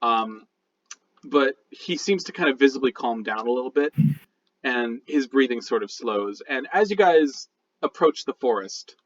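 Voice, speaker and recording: A man's voice: mid-range voice, animated, unhurried. A man narrating a tabletop game as dungeon master, rambling with lots of fillers and restarts. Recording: dull lo-fi sound.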